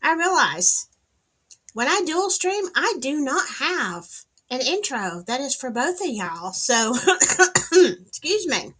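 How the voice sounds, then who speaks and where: A woman's voice: high voice, big pitch swings, takes it slowly, a bit bright. A woman with a Southern US accent hosting a casual livestream, chatting and greeting viewers by name with sassy asides. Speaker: livestream host. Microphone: streaming setup, wired in.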